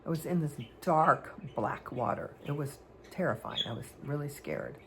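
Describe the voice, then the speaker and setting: A woman's voice: sits low, sing-song, normal speed, background noise. A woman vlogger telling personal stories in a rambling, hesitant way, full of fillers and restarts. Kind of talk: candid personal storytelling.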